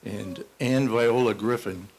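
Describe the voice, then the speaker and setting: An older man from Massachusetts delivers a parade marshal's speech in a banquet hall. He talks in a folksy, self-deprecating way with chuckling asides, his voice sitting at an ordinary middle pitch. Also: slow pace, creaky, a little mellow. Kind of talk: ceremonial speech with a told joke.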